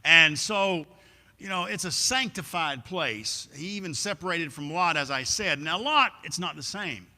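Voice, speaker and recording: A man's voice: a little high, expressive, a little slow, sharp tone. A man preaching a sermon in a church, telling a story and acting out its scenes. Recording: echoey church hall.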